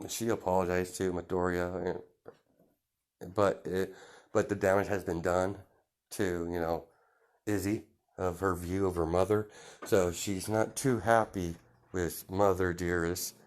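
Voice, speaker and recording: Low-voiced rambling male storyteller. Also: darkish tone. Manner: rambling, many fillers and restarts, laughs at himself. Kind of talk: casual improvised storytelling.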